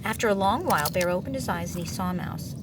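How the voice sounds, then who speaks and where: A woman's voice: fairly low pitch, quick pace. Woman reading a picture book aloud, distant. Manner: gentle, expressive, chatting with the child. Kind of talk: storybook read-aloud with asides. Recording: distant mic, faint room noise.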